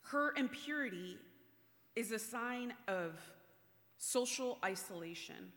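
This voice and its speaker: A woman's voice: fairly high pitch, slow. Woman preaching in a reverberant hall. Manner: animated, playful asides, shifting to hushed and earnest. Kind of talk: sermon.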